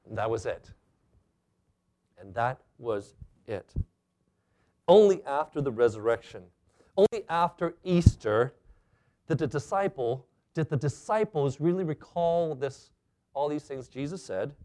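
A man preaching a sermon in a church, animated and acting out the people he quotes. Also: mid-range voice, measured pace, long pauses. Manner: animated, acts out quoted speakers. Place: church stage.

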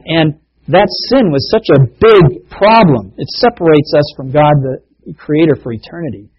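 A man delivers a sermon in an easygoing, conversational way, mixing stories into his preaching. His voice is a bit higher than most and has a husky edge. The recording sounds dull and lo-fi. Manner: conversational preaching with laughs and illustrations. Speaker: pastor.

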